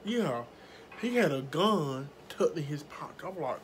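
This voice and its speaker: A woman vlogger telling a story to her viewers in a casual, animated way, swearing freely. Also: sits low, unhurried, a little hiss or hum. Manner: animated, profane, talks straight to viewers.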